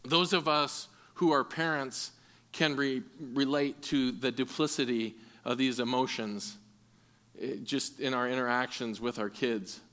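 A man's voice: mid-range voice, fairly even intonation, measured pace, a bit bright. A man preaching a sermon in an earnest way, often repeating words as he restarts. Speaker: pastor.

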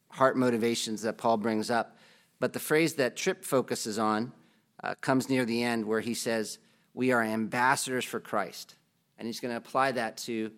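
A man preaching a sermon at an ordinary middle pitch. He keeps it conversational, putting questions to the congregation and breaking off for light joking asides. He sounds like a pastor talking with the people in front of him rather than reading to them.

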